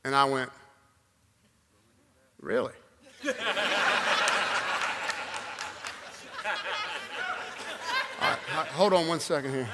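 A man preaching a sermon, telling a personal story with animated swings from loud exclamations to a hushed altar call. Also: mid-range voice, fast talker, few pauses, over a noisy crowd, heavy background noise. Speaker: guest preacher. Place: church sanctuary. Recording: long hall reverb.

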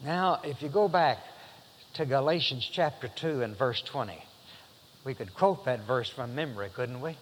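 A man's voice: mid-range voice, normal speed, long reverb tail, a little hiss or hum, low-quality recording. A man preaching a sermon, rambling with many fillers and restarts, then building to emphatic passages.

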